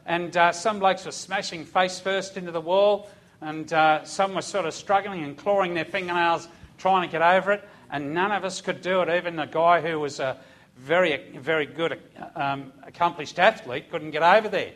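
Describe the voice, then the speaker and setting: A middle-aged man preaching a sermon, telling a personal story in an animated way with chuckles. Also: on the high side, moderate pace.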